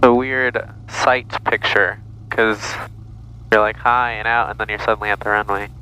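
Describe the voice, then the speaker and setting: A man's voice: lowish voice, level tone, normal speed, sharp tone, slight background noise, rough recording. A man who is a pilot, chatting and joking casually in a small plane's cockpit over a headset.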